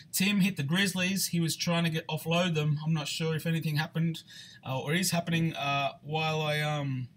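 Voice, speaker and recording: A man's voice: fairly high pitch, fairly bright tone. Chatty man hosting a card break. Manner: chatty, halting, many fillers and restarts. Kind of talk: live-stream card break chat.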